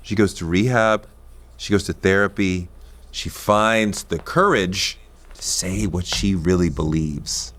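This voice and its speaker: A man commenting in an interview, telling the story in a measured way that turns animated. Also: sits low. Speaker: commentator in a played interview clip.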